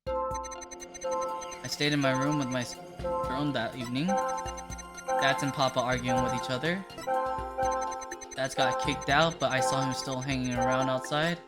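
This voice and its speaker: A woman voicing a timid young witness who speaks quietly and hesitantly, with game music behind. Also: extremely low pitch, a little slow, long pauses, pitched below the performer's own voice. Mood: hushed.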